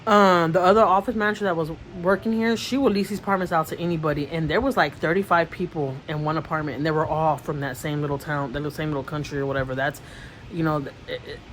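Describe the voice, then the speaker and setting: A woman's voice: low voice, fairly even intonation, fast, slight background noise, poor audio. Rambling woman vlogger. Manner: rambling, with many restarts and repeated words; emotional storytelling. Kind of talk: casual chat to camera.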